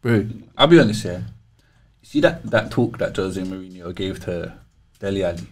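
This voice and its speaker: A man's voice: deep voice, lively intonation, moderate pace, a little mellow. A man giving blunt opinions in a casual football podcast chat. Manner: opinionated, says "bro" often. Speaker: podcast co-host.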